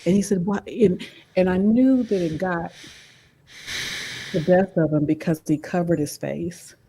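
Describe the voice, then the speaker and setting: A woman podcast guest with a husky voice, telling a personal story warmly and emotionally. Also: on the low side, unhurried, slight background noise. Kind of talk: casual storytelling.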